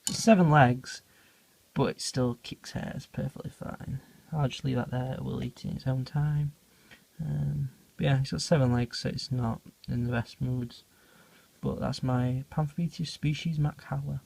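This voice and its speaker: A man's voice: medium pitch, flat delivery, normal speed, vocal fry, dark tone, slightly rough. A man casually narrating a tarantula feeding vlog, rambling with lots of ums and dropping his voice near the animals. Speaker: tarantula keeper filming feedings.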